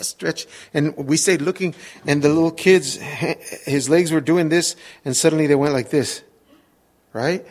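A middle-aged man preaching a sermon, telling a story with lively acted-out moments and sudden shouts. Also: on the high side, measured pace. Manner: animated, acts out scenes with sudden shouts. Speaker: pastor.

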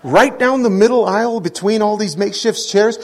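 A middle-aged man preaching a sermon, telling a story with lively acted-out moments and sudden shouts. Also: sits high, brisk. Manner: animated, acts out scenes with sudden shouts. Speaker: pastor.

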